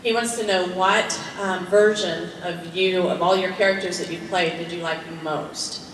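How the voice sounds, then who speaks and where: Older female audience member, chatty and halting; echoey and distant. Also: fairly low pitch, fairly even intonation. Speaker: fan asking a question. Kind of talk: audience question at a panel. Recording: echoey hall recorded from far off with noise.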